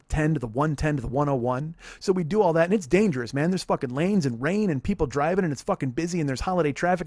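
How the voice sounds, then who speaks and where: A man in his forties tells a story at a fast clip, swearing and building his rants. His voice sits a little high. The sound is dry and close. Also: no room sound. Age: 40s. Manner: profane, animated storytelling. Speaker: comedian telling a story. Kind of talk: storytelling comedy podcast.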